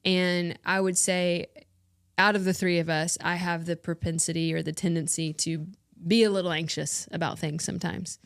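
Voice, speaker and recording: A woman co-host with a slightly low voice speaks earnestly in casual talk among friends. She affirms the others warmly, laughs often, and sounds close to the mic in a dry room. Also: level tone, moderate pace, creaky, no echo. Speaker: podcast co-host.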